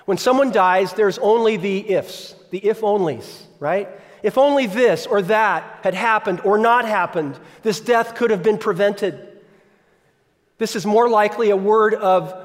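A man's voice: high-pitched, unhurried. A man preaching a sermon as pastor, conversational, often asking the congregation questions. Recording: long reverb of a large hall.

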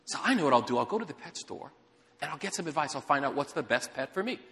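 A man voicing a lonely, flustered young woman who buys a pet, in a high fretful voice, during a sermon. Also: big pitch swings, fast talker, fairly bright tone, big-room sound. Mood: hopeful.

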